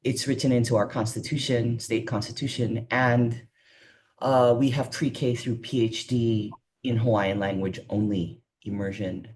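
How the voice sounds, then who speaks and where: A man with a mid-range voice gives an earnest comment during an online panel. He speaks in a measured, steady way. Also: medium pitch. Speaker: panel commentator, language educator.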